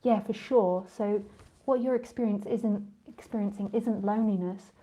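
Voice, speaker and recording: A woman's voice: medium pitch, steady tone, normal speed, warm tone. A woman spiritual teacher in a casual live talk with listeners, rambling and chatty, often laughing and drifting off on tangents.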